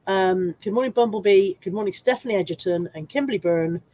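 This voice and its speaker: A woman's voice: mid-range voice, moderate pace, warm tone. A woman hosting a casual live stream while full of a cold, chatting, rambling and poking fun at herself as she greets viewers by name. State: congested with a cold, coughing.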